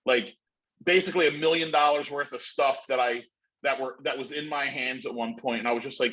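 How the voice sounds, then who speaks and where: A man's voice: medium pitch, fairly even intonation, fairly quick, pushed and bright, low-quality recording. A middle-aged man telling a long story in casual chat, rambling and profane with lots of fillers.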